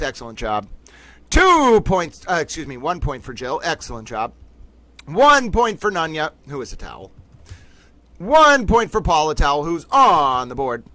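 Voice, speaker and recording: Animated, mock-outraged male stream host. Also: on the high side, no room sound, poor audio. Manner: playfully indignant, mock-outraged, rambling asides. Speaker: livestream host running a trivia game. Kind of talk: casual livestream chat.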